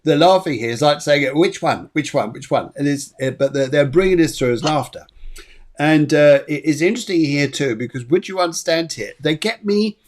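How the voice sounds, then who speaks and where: Soft-spoken man medium. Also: fairly high pitch, moderate pace, slight background noise. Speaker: medium, host. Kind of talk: psychic reading.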